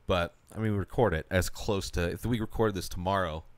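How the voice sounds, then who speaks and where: A man co-hosting a podcast in casual chat, swearing freely and giving quick offhand opinions. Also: deep voice, no echo. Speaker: podcast co-host.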